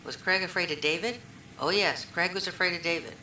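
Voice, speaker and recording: Low-voiced woman in an echoey interview. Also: brisk, sharp tone. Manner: rambling, retells conversations, many fillers. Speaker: witness being questioned. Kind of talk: recorded police interview. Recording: echoey room recording, faint hiss.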